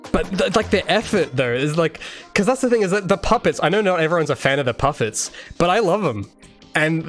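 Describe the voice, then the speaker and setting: Young man, casual livestream chat, excited rambling, faint music behind. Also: medium pitch. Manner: enthusiastic rambling with many restarts and fillers. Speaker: game developer streaming his work.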